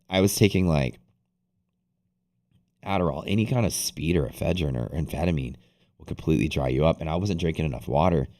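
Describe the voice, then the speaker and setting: Guy with a super deep low voice, rambling and swearing on his trading livestream. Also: mellow. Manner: rambling, profane, with many restarts. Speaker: day trading livestream host. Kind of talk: casual livestream chat.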